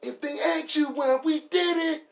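Loud falsetto male crooner, high and showy. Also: fairly even intonation, normal speed, vocal fry, exaggerated voice. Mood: crooning.

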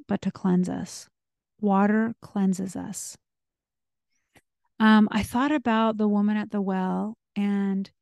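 A woman's voice: medium pitch, creaky, mellow, no echo, studio quality. A woman hosting a devotional podcast, speaking in an earnest, reflective way with frequent ums. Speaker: podcast host.

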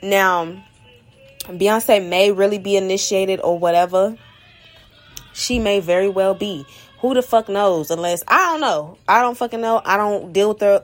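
Blunt, profane woman ranting. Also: mid-range voice. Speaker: podcast host.

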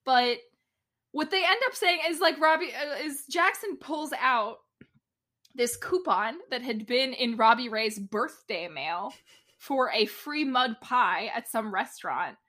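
A woman with a high, bright voice chats casually as a podcast co-host. She retells a show with exasperated energy, quoting characters and laughing at them. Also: a little slow. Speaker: podcast co-host recapping a TV episode. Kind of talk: casual chat.

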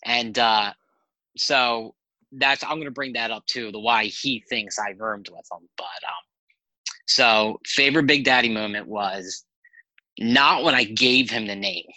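A man guest on a podcast, telling animated, rambling anecdotes in casual chat and swearing freely. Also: medium pitch, unhurried, no echo, rough recording.

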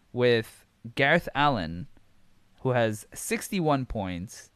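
A man's voice: mid-range voice, a bit bright, no room sound. Swearing, rambling male podcast host. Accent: switches between accents. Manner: rambling, swears freely, self-correcting. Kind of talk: casual solo podcast talk.

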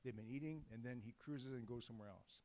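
A man's voice: medium pitch, fast, dark tone. A man preaching a sermon in a loose, conversational way, joking with the congregation and often restarting his sentences. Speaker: guest preacher. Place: church sanctuary. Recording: long hall reverb.

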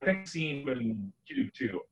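A man's voice: on the high side, sing-song, moderate pace, low-quality recording. A man co-hosting a podcast in laid-back casual chat, filling his sentences with "like". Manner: laid-back, peppers speech with "like". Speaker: podcast co-host. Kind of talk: casual chat about movies.

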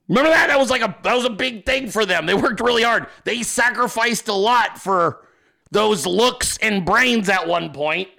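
A man hosting a political commentary show delivers a profane, unscripted rant, crude and sarcastic, swearing constantly and making frequent asides to listeners. His voice is high, creaky, and bright, with a forceful tone.

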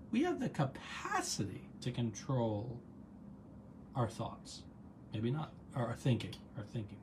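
A man's voice: high voice, a little hiss or hum. Chatty man leading a gratitude session. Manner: chatty and encouraging, reads chat comments aloud, rambles into side stories. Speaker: host and coach leading a live online session. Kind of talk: casual guided gratitude practice on a livestream.

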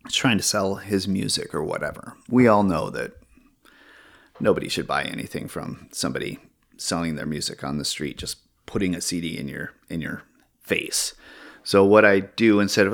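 A man with a very low, deep voice hosts a relaxed podcast chat. He tells his stories in a jokey, animated way. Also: moderate pace, creaky. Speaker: podcast host. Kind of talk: casual chat.

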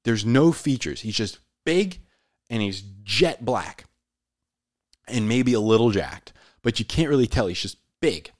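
A man telling a personal story in a casual, animated way, often saying "dude". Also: medium pitch, measured pace, no echo, studio quality. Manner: animated, says "dude" a lot.

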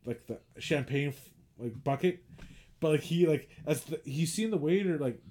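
A man's voice: a little high, moderate pace. Chatty man rambling through a movie. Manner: rambling, filler-heavy retelling with animated acted-out quotes. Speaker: podcast co-host. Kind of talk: casual movie chat.

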